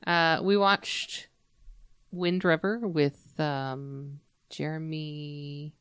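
A young woman with a notably low, smooth voice chats easily on a podcast, dropping in steady "yeah"s of agreement. The sound is dry and close to the mic. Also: drawn-out words, no echo. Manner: relaxed, frequent "yeah" backchannels. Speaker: podcast co-host. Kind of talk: casual chat.

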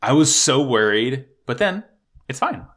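A man co-hosting a casual podcast, excitedly recapping an anime episode, swearing freely and stammering when unsure. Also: medium pitch, unhurried. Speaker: podcast co-host.

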